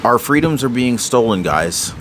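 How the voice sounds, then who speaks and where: A man's voice: mid-range voice, expressive, normal speed, fairly bright tone, slight background noise. A man giving casual political commentary to his viewers, chatty and direct. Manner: chatty, addresses viewers as guys.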